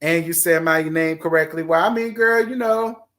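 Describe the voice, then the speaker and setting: Man around forty, raised pitch, chatty livestream host, emphatic repetition. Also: moderate pace, fairly bright tone, a little hiss or hum. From Virginia, USA. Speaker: host of a live chat stream. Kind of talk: casual livestream chat, reading viewer comments.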